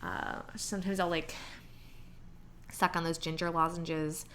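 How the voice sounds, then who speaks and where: A young woman talks through her week in a relaxed vlog, her voice sitting on the low side. She leans on fillers and breaks into quick impressions of her own reactions. A faint hiss of room noise stays under her voice. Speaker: vlogger. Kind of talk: casual pregnancy vlog chat.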